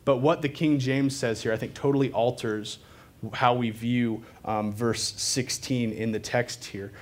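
A man's voice: mid-range voice, fairly even intonation, unhurried. A man preaching a sermon to a live congregation in a loose, conversational way, with fillers and self-deprecating asides.

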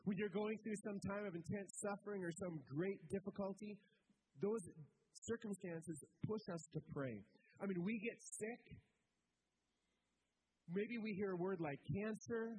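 A male pastor giving a relaxed, conversational sermon with touches of humor, often checking in with the congregation. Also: sits high, husky, rough recording. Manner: informal, humorous, asks the congregation "right?".

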